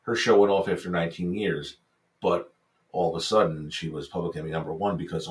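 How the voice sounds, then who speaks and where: A man co-hosting a casual podcast, with a voice that sits somewhat low. He mostly gives short, agreeable responses and now and then tells a story at an easy pace. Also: fairly even intonation, fast. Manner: agreeable, brief backchannel replies. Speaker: podcast co-host.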